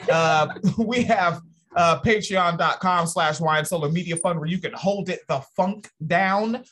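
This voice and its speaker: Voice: mid-range voice, a little slow, fairly bright tone. Profane, rambling podcast host. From Washington State. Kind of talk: casual podcast chat.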